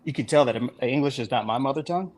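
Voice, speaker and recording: A man's voice: medium pitch, rapid-fire, poor audio. A man from the Washington DC and Maryland area with an American accent, talking earnestly on an online panel. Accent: American, Mid-Atlantic (DC/Maryland). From United States. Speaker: panel guest. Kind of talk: casual panel discussion. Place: online voice call.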